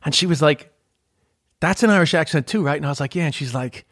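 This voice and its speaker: A man's voice: a little high, fast, a bit bright. Chatty comedian with a Queens accent. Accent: New York, Queens. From New York. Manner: chatty, restarts with many "like"s. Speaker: stand-up comedian. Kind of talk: casual podcast chat.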